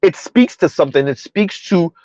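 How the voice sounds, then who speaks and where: A man's voice: high voice, animated, moderate pace, mellow, no room sound, highs cut off. A man doing casual, rambling commentary on a live stream, reading out chat messages as he goes. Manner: rambling, conversational, reads chat aloud.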